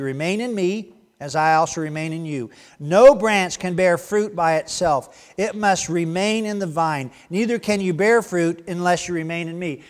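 High-voiced pastor preaching animatedly. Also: male voice. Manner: animated, conversational preaching with hushed asides. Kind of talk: sermon.

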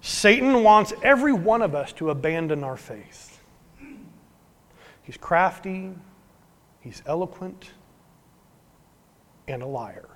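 A man preaching a sermon as pastor, earnest, swinging from emphatic to hushed. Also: sits high, lively intonation, slow, pauses often. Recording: long hall reverb.

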